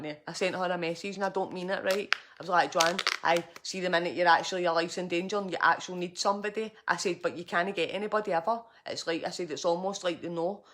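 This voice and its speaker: A middle-aged Scottish woman telling a profane, agitated story to camera in a personal vlog. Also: on the low side. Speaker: vlogger.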